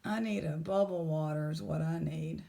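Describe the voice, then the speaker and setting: A woman, casually chatting in a jewelry vlog, excited and exclaiming in shock. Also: sits low, normal speed, creaky. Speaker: jewelry unboxing vlogger.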